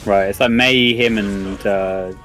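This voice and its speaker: A man giving relaxed, chatty live commentary on a fighting game tournament. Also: lowish voice, takes it slowly, faint music behind. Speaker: esports commentator.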